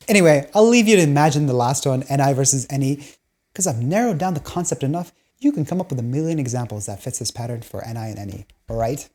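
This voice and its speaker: A woman's voice: extremely low pitch, expressive, brisk, a little mellow. A woman hosting a video, explaining personality types through laid-back, jokey stories and laughing between lines. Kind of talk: casual storytelling monologue.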